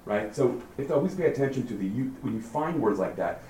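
A man leading a text study class, lively and questioning, thinking aloud as he explains. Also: medium pitch, fast. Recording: roomy, far from the mic, faint noise.

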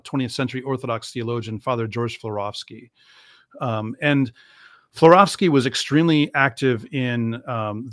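A man's voice: medium pitch, a bit bright, no room sound, studio quality. A man answering an interview question at length, thoughtful and explanatory, with many fillers and restarts. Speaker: interview guest, Orthodox Christian speaker.

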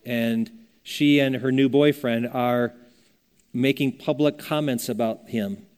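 A man's voice: medium pitch, fairly even intonation, slow pace, darkish tone, clear, resonant tone. An older man preaching a sermon as a pastor, earnest and conversational, telling stories as he teaches. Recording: long reverb of a church hall.

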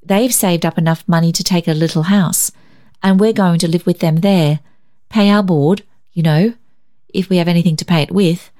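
Gentle but determined twenty-year-old woman in a storybook, soft and reassuring in a woman reader's voice. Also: fairly low pitch, steady tone, normal speed, close to an everyday voice. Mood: tender earnest. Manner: tender, reassuring, calls her sister dear.

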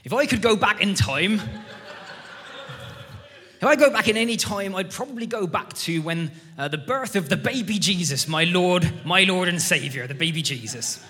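A devout, very old country gent, slow and reverent as he names his Lord and Savior, as a preacher acts him out. The voice is bright and lifted a little, and it rings with long church hall reverb. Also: sits high, animated, voice pushed up.

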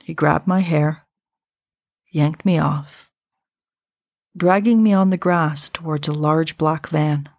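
A woman in her fifties hosting a podcast, telling a personal story in a slow, reflective and intimate way. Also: low voice, a little mellow, no echo, studio quality. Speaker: podcast host.

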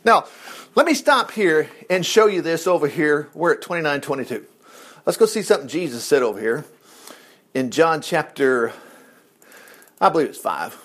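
A high-pitched male preacher teaching through scripture in a lively, conversational way. He rambles into chatty asides while hunting for verses, then bursts out with praise. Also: moderate pace, long pauses. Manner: exclaims "praise the Lord". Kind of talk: Bible teaching sermon.

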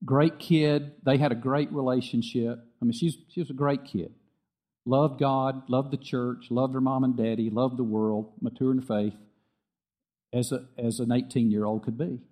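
A middle-aged man preaching a sermon, earnest and repetitive, dropping soft and quiet when he tells a story. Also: medium pitch, steady tone, normal speed. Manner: earnest, repeats phrases, drops soft for quoted dialogue. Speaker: pastor.

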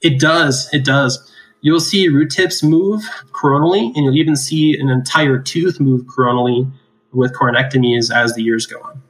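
A man's voice: mid-range voice, normal speed, poor audio. A man who works as an oral surgeon, explaining extraction cases in a casual chat, laughing often and tagging his points with "right?". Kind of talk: casual clinical discussion.

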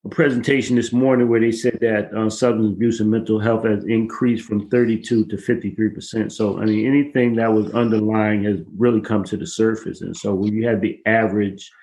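Male activist guest, low voice, flat delivery, measured. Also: low-quality recording. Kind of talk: interview answers.

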